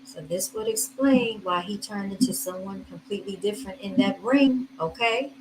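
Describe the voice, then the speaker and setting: A woman's voice: mid-range voice, normal speed, noisy background. A woman hosting a casual commentary vlog, chatty and laughing, talking straight to her viewers. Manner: chatty, addresses viewers as y'all, laughs often. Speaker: host commenting on video clips.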